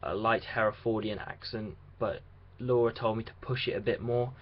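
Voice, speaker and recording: A man's voice: fairly low pitch, fairly even intonation, moderate pace. Young man rambling through a lo-fi vlog. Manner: chatty, rambling, with restarts. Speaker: radio drama student. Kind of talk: casual video diary. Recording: dull lo-fi sound with faint hiss.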